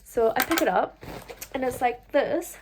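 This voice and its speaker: A woman's voice: high voice, a little slow, noisy background. A young woman, telling a personal story to camera in a chatty way, full of fillers and "like". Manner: chatty, full of fillers, animated when quoting herself. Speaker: vlogger.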